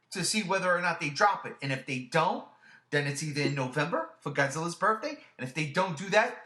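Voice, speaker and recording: A high-pitched man hosts a casual podcast, talking in an emphatic, excitable way and swearing now and then. His voice is bright and forceful, and the room around him sounds echoey. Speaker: podcast host.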